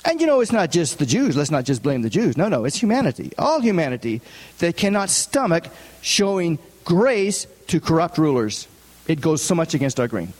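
A man's voice: a little high, big pitch swings, moderate pace, a little mellow. Man preaching in an echoing hall. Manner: conversational, asks the audience rhetorical questions. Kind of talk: sermon. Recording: long hall reverb.

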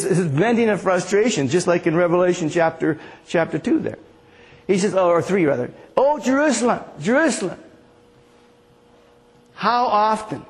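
A man delivers a sermon in an earnest, chuckling manner. His voice sits high for a man, and he slips into a gentle, pleading tone when quoting Jesus. The sound rings with the long reverb of a large hall. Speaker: preacher.

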